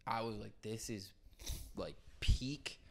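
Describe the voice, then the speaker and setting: A young man hosting a podcast, telling an animated story in casual chat and swearing freely. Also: lowish voice, takes it slowly, creaky. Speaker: podcast host.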